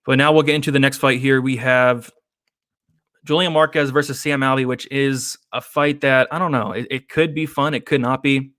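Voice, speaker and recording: A man hosting an MMA betting stream in a relaxed, chatty way, giving picks and answering viewer comments. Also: medium pitch, normal speed, dry recording, studio quality. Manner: relaxed, chatty, with frequent fillers and laughs. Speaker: host of an MMA betting show. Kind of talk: casual live-stream chat reading viewer comments.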